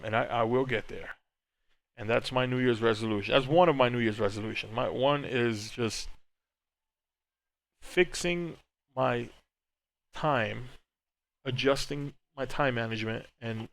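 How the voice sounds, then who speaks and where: Candid rambling male podcast host. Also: mid-range voice. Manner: candid and rambling, many restarts and filler words. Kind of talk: casual chat, reading live chat.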